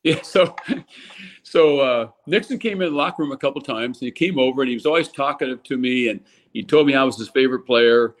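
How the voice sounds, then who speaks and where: An older man from California, a former baseball player, telling lively stories in a casual interview and acting out the quotes. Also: fairly quick. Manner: animated storyteller, acts out quotes with raised pitch.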